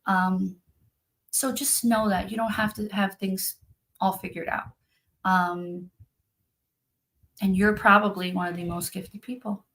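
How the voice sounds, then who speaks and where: A woman's voice: mid-range voice, steady tone, a little slow, pauses often, fairly bright tone. Earnest woman talking on a call. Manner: earnest, heartfelt. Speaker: spiritual activation practitioner. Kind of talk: casual conversation.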